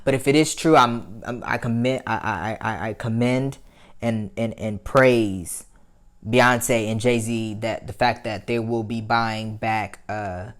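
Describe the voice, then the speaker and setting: A man's voice: lowish voice, steady tone, slow pace. A man hosting a commentary show, talking frankly to his viewers, swearing freely and growing heated and emphatic as he makes his points. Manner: frank, profane, addresses viewers as y'all. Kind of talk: casual opinion commentary.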